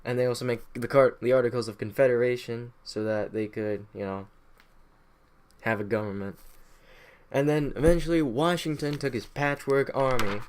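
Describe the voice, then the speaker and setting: A man's voice: mid-range voice, moderate pace, smooth. A young man casually retelling history on a podcast, irreverent and profane, slipping into slangy mock voices. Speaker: podcast host. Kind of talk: casual comedic history recap. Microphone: home podcast mic.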